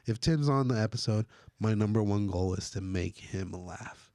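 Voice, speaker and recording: A man's voice: fairly low pitch, normal speed, mellow, no room sound. A man hosting a podcast, telling stories in a casual, rambling way with many fillers. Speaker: podcast host. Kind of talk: casual chat.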